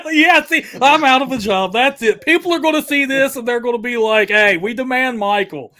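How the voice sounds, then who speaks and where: A man hosting a livestream chat, excitable and hyping up his guest and viewers. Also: very high voice, moderate pace, background noise. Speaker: host.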